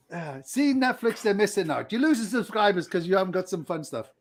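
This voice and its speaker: A man's voice: high voice, lively intonation, moderate pace. A man co-hosting a casual podcast, rambling and joking with frequent laughs. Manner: laughing, rambling, jokey asides. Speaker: podcast co-host. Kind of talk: casual chat.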